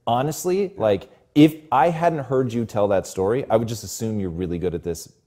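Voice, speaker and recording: A man's voice: medium pitch, moderate pace, warm tone. A man interviewing a guest, asking questions in an admiring, conversational way.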